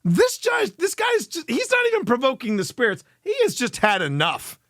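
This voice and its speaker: A male host reacting to clips in casual commentary, animated, laughing often and restarting sentences. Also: very high voice, moderate pace, no echo, clean studio sound.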